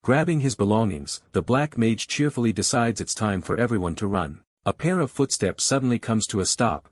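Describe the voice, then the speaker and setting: Low-voiced man narrating a story recap. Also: expressive, brisk, no echo, studio quality.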